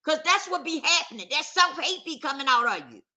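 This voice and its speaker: A woman's voice: high voice, fairly quick, bright, forceful tone. A woman vlogger talking straight to camera in a casual, emphatic rant, circling back to the same points with heat. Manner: emphatic, repetitive, heated.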